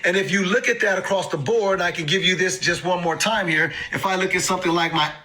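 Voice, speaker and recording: Man, fairly high voice with a bright, forceful edge; emphatic street-casual explainer who mimics panicked investors in sudden high bursts. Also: brisk, poor audio. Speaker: crypto investing host. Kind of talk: animated instructional talk to camera.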